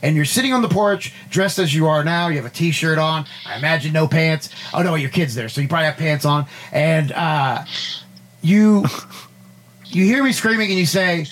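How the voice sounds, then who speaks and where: Talk-show co-host, male, slightly raised voice, rambling and animated, light background hiss. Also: a little high, brisk. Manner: rambling, animated storytelling with many fillers. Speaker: podcast co-host. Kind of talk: casual chat, storytelling.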